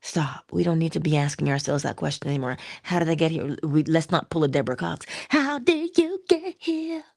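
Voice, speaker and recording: A woman's voice: low-pitched, steady tone, quick pace, gravelly, few pauses, darkish tone, no echo, studio quality. A woman giving casual inspirational talk, chatty and playful, laughing often and sometimes dropping to a whisper. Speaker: inspirational speaker.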